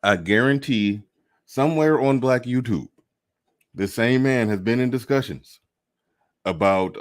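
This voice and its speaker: A man hosting a livestream, reacting to a clip in a halting way, laughing often and repeating words. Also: fairly low pitch, smooth. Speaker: livestream host. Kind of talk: casual livestream commentary.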